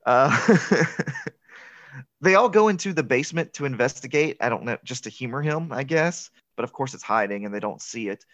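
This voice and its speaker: Recapping a film casually on a podcast, a mid-range male co-host talks at normal speed, laughing often and quoting lines excitedly. The audio is dull, lo-fi and dry, with no echo.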